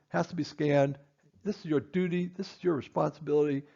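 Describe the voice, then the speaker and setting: A male dentist delivers a training lecture, hammering his points home through insistent repetition. His voice sits a little high and carries a gravelly edge. The recording sounds muffled and lo-fi. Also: steady tone, fairly quick, dark tone. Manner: emphatic, repetitive, stern. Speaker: dentist instructing assistants.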